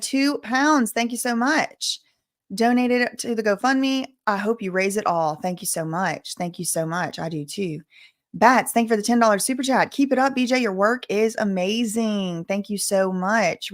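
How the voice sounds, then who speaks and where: Girl on a livestream from home, gushy and excitable, thanking donors, mid pitch. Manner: excitable, gushing, quick shifts between chatty and emotional. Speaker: livestream host. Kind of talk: casual livestream chat reading donations.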